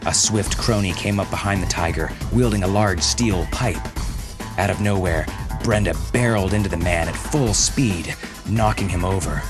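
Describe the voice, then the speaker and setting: A man reading a story aloud in a steady, dramatic narration. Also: sits low, moderate pace. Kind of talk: scripted narration. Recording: music playing under the voice.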